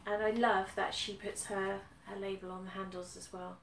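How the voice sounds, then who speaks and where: With a gravelly, medium-pitched voice and level tone at a moderate pace, a UK cross-stitch vlogger talks casually about her stitching, using frequent ums and repeating herself. The recording has roomy echo, faint background noise, and a somewhat distant mic.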